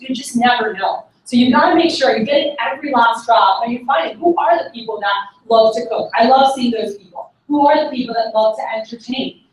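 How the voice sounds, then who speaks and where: A woman giving a chatty sales-training talk at a conference, full of "like" and "you know". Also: a little high. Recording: very echoey, far from the mic, faint room noise.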